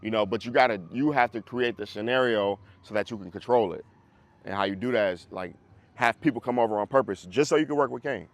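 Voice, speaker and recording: A dog trainer with a lowish voice talks fast while coaching a group class over video call, chatting casually and often checking people are keeping up.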